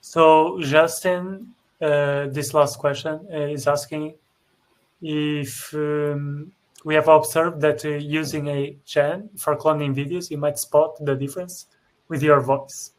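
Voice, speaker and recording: A man co-hosting a webinar, reading out audience questions in a measured, hesitant way. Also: a little high, little pitch movement. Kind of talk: moderating Q&A.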